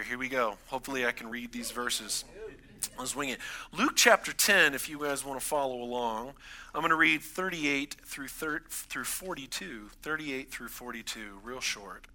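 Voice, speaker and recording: A man's voice: medium pitch, pushed and bright. A man in his thirties, a pastor, gives a conversational sermon in a church and builds emphasis on his key points.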